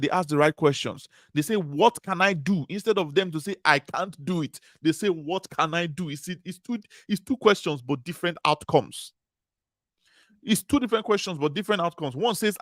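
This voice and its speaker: A man's voice: high voice, fairly bright tone, dry recording, studio quality. Emphatic man giving a motivational talk. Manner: repetitive, emphatic preaching cadence. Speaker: conference speaker.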